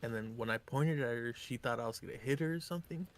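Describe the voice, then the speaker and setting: Young dude streamer telling a crazy story, animated, swears a lot, bit of ambience. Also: male voice, medium pitch, fast talker, a little hiss or hum. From Mexican heritage. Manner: animated, acts out voices in anecdotes, profane. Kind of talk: casual storytelling chat.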